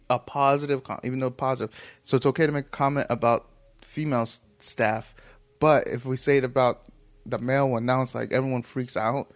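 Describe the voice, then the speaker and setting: A man talks in a casual, unscripted monologue at an ordinary middle pitch. He rambles, swears freely and often stops mid-phrase to restart. He chuckles through the telling.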